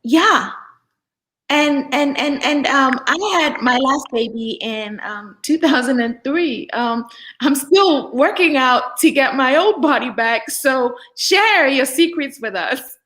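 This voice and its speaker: A woman hosting an interview, asking questions in an unhurried, friendly way. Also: high voice, animated, a bit bright, rough recording. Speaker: host. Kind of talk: interview conversation.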